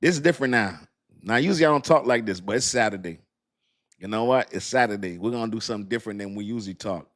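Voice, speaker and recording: A man hosting a casual crypto livestream, talking in animated, slangy street talk, swinging between loud and soft. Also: fairly low pitch, fast talker.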